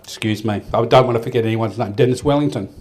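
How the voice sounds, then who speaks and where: Talking fast in a medium-pitched, darkish voice, an older Australian man gives a speech in an event hall. He's the event organiser at a farmers' awards night. What he says is heartfelt and rambling, and he keeps starting over.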